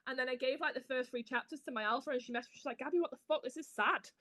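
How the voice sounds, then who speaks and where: A woman, an author being interviewed, who tells stories in a lively way, acts out her own dialogue and swears casually. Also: high voice, rapid-fire, no echo. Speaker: author guest. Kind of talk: casual chat.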